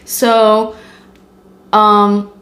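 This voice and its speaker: A woman's voice: medium pitch, completely flat delivery, drawn-out words, fairly bright tone. A young woman hosting a podcast, telling a story in a casual, candid way, swearing often and using lots of "like". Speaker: podcast host. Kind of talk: casual chat. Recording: echoey room with faint noise.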